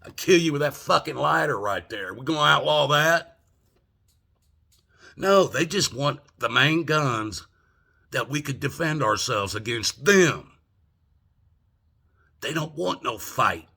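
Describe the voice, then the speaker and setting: A man's voice: on the high side, expressive, slow pace, vocal fry, long pauses, bright, forceful tone. An older man ranting angrily from home, profane and indignant, firing off rhetorical questions. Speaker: vlogger. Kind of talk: angry political rant.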